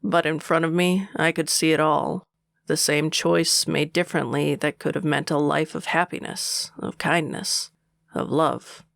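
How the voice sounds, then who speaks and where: A man narrating a romance audiobook in the first person, with a steady, unhurried delivery and a gravelly voice. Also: on the high side, dry recording, studio quality.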